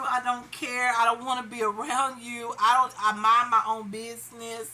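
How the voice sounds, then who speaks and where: A woman's voice: fairly high pitch, level tone, normal speed, pushed and bright. A woman doing her makeup on camera while venting in casual, rambling chat full of fillers. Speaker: beauty vlogger.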